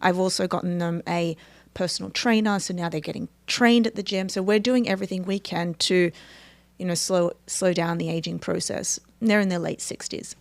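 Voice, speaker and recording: Animated woman, dry studio sound. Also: lowish voice, normal speed, gravelly, no echo. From Australia. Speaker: podcast guest, neuroscientist. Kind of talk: casual conversation.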